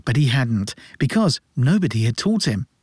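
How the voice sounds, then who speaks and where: A man reads a classic novel aloud at a measured pace with a gently ironic touch. His voice sits at an ordinary middle pitch, and the recording is dry and close with no room sound. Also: very animated, husky, no echo. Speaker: audiobook narrator. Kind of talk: scripted narration.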